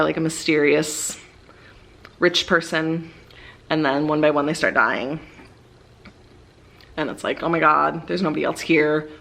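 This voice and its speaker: A woman's voice: sits low, gravelly, fairly bright tone. A young woman casually rambling about her favorite books as a book vlogger, with many fillers and eager bursts.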